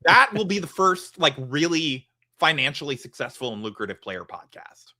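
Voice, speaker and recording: A man's voice: on the high side, very animated, normal speed, bright, forceful tone. A man co-hosting a casual sports podcast, rambling and teasing, with lots of "like" and restarts. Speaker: podcast co-host.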